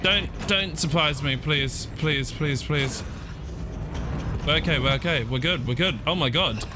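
A man giving let's play commentary on a horror game, panicky, his pitch jumping high when scared, often saying "fudge" in place of swearing. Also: a little slow, background noise. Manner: swaps swear words for "fudge". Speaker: gaming YouTuber.

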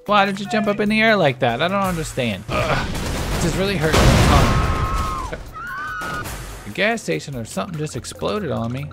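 A man's voice: medium pitch, creaky. A man commentating a video game, talking animatedly to his viewers and laughing often. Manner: animated, talks to viewers, frequent laughing exclamations. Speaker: gameplay commentator. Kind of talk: let's play commentary. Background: game music.

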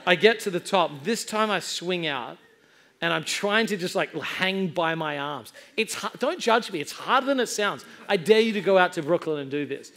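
Middle-aged guy pastor, kinda high voice, telling a funny self-deprecating story in a sermon. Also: normal speed. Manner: self-mocking, animated comic storytelling. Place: church service before a laughing congregation.

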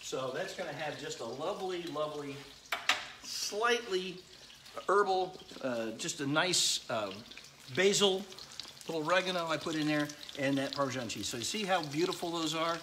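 In his home kitchen, a middle-aged man fries chicken during a casual live demo, chatting with viewers and greeting each by name. His fairly high voice is animated and moderately paced. The kitchen echoes, and a sizzling pan sounds faintly in the background.

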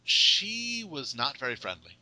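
Male host, General American, very bright tone, playful banter. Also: mid-range voice, sing-song, dry recording, rough recording. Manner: chatty, playful, quick to laugh. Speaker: podcast host. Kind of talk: casual interview chat.

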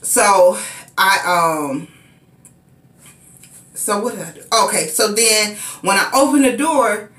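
A woman recounts a frightening personal story in a slow, unhurried way, her bright voice carrying in a reverberant room. She now and then acts out frantic, high-pitched cries as she relives the scene. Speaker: vlogger. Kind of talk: casual storytelling. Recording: echoey room.

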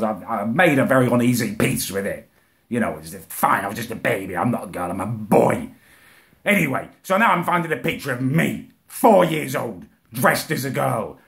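In a comic monologue to camera, a man rants indignantly, swearing and repeating himself as his voice swerves into shrill outrage. His voice is creaky with a fairly bright tone.

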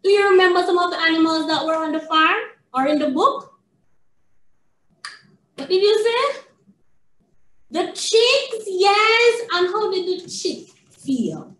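A woman's voice: very high voice, animated, takes it slowly, pauses often, fairly bright tone. A woman early childhood educator reading a picture book aloud to a small child, sing-song with lots of praise and questions. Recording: echoey room, distant mic.

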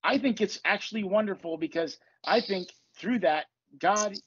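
A man's voice: high-pitched, moderate pace, a bit bright, slightly rough, dry recording, highs cut off. A man hosting a casual spiritual podcast, telling stories with plenty of swearing and acting out what people said. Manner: profane, storytelling, acts out quotes. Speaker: podcast host and coach.

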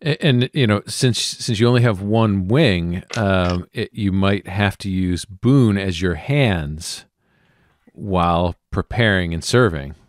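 A man's voice: sits low, slow, no echo, studio quality. A man playing a tabletop game, talking with repeated words and restarts.

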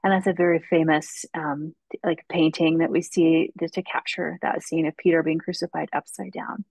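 A woman's voice: sits low, little pitch movement, moderate pace, gravelly, a little mellow, breathy edge, dry recording, rough recording. A woman guest author telling a faith story in an earnest way on a casual podcast, with frequent ums and restarts.

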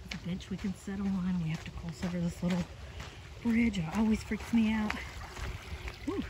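A woman's voice: medium pitch, steady tone, brisk. Breathless woman vlogging on a walking trail. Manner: chatty, reminiscing, trailing off. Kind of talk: casual walking vlog narration. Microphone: handheld phone. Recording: noisy outdoor phone audio. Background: running water, birds, passing vehicles.

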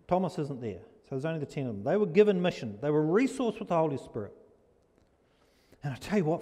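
A New man preaching in a loose, storytelling way during a church service, his fairly high voice ringing out with a long church echo. He pauses, fills gaps with small hesitations, and stretches words slowly when he wants them to land. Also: big pitch swings, mellow. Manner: conversational, with many pauses and fillers, speeding up and slowing down for emphasis. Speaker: pastor. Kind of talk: informal storytelling sermon.

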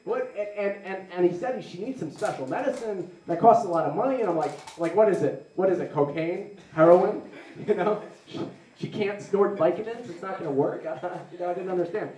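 A man's voice: high-pitched, lively intonation, mellow. Young guy doing a stand-up set, rambly, keeps doing little voices, sounds roomy and far from the mic. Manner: rambling, self-deprecating, mimics people in quick put-on voices. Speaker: stand-up comedian. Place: live comedy venue with audience. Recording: roomy live venue, mic picked up from a distance.

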